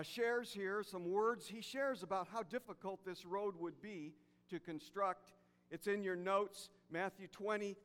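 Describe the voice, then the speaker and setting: A pastor preaching a sermon, emphatic, repeating key phrases and dropping soft for emphasis. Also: male voice, sits high. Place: church sanctuary. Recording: church hall reverb.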